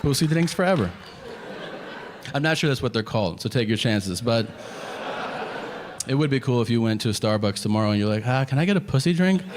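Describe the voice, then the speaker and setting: A man in his thirties doing a stand-up comedy routine, telling stories and acting out both sides of each conversation in an animated way. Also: medium pitch, fairly quick, long pauses. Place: comedy club stage. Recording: live club set with hall reverb and audience noise. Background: audience laughter.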